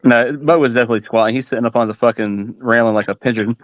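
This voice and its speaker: A man on a live panel, joking and quickly brushing off questions. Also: medium pitch, steady tone, dry recording, muffled recording. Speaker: panel guest. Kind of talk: casual panel chat.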